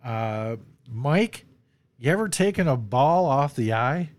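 A man's voice: medium pitch, expressive, slow. A man hosting a casual movie discussion podcast, rambling and laughing often as he quotes lines. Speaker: podcast host.

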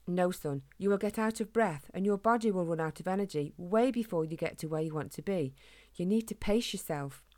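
A woman's voice: lowish voice, brisk, a little mellow, natural voice. A woman voicing a plump, fatherly male hedgehog who lectures his son, in a storybook reading. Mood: lecturing. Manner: patient, instructive, fatherly.

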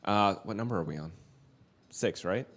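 A man co-hosting a casual celebrity news podcast, chatty and loose, swearing casually and jumping up in pitch when excited. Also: moderate pace. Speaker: co-host.

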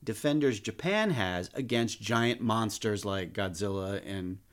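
A man's voice: lowish voice, expressive, measured pace. Wry man reviewing films. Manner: wry, playful humor. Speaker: podcast co-host. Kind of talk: casual film review chat.

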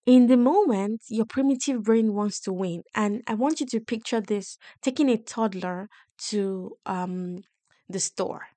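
A woman's voice: fairly high pitch, darkish tone, no echo. A woman hosting a coaching podcast, teaching in an explanatory monologue and checking in with listeners often. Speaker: podcast host and wealth coach.

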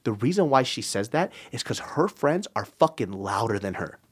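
A man's voice: mid-range voice, normal speed, slightly rough. A man in his thirties talks casually as a podcast guest. His mid-height voice swings widely as he tells stories, breaking into laughter and cursing freely. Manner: animated storyteller, bursts of laughter, swears freely. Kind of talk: casual chat.

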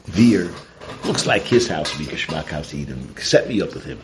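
A man's voice: rumbling low, sing-song, moderate pace, noisy background. A man doing a sly hungry jester. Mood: coaxing.

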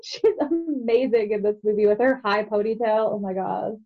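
A woman's voice: medium pitch, normal speed, lo-fi sound. A woman co-hosting a casual movie discussion who agrees easily and often giggles. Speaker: podcast co-host.

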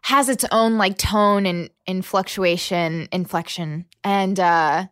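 A woman's voice: fairly low pitch, slow pace, clear, resonant tone, no room sound, clean studio sound. A young American woman as a podcast guest, earnest and thoughtful, laughing easily. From United States. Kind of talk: casual interview chat.

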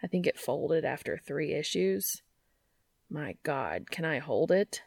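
A woman reading fiction aloud and voicing a grumpy, sleepy adult man in a low, mumbling, deadpan way. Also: takes it slowly, vocal fry, no room sound, studio quality, full character voice. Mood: awed.

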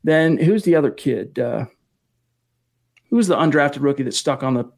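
A man hosting a casual live-stream podcast, energetic as he reads out viewer messages and thanks donors. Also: a little high, normal speed, gravelly. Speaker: podcast host.

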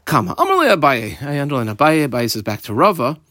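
A man leads a Talmud class, reading Aramaic phrases and explaining them in casual English while he marks up his page. His pitch moves a lot as he teaches. The recording is dry and close. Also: huge pitch swings, fast, bright, forceful tone, no echo.

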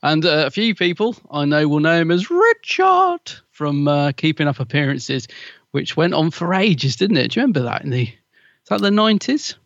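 A man's voice: fairly high pitch, animated, brisk, no echo. Chatty man on a lo-fi mic. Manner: chatty, gossipy, laughs while talking. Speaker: podcast co-host. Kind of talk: casual chat.

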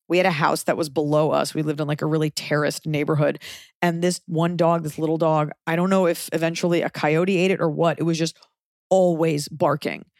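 A woman hosting a podcast, chatting casually with frank, profane, animated storytelling. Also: low-pitched, dry recording, clean studio sound. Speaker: podcast host.

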